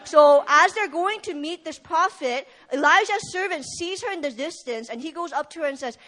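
High-voiced woman preaching. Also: lively intonation, moderate pace, few pauses, fairly bright tone. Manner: retells the story with acted quotes, casual fillers. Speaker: speaker at a prayer meeting. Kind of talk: sermon.

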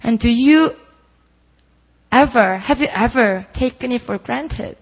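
A woman's voice: a little high, slow pace, slightly rough, low-quality recording. A woman preaching a sermon at a prayer meeting, earnest and full of rhetorical questions put to the listeners.

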